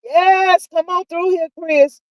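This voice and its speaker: Sassy high-voiced woman gossiping. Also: fairly even intonation, takes it slowly, dry recording, rough recording. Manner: sassy, drawling, says child and honey constantly. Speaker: live stream host. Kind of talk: casual gossip chat reading viewer comments.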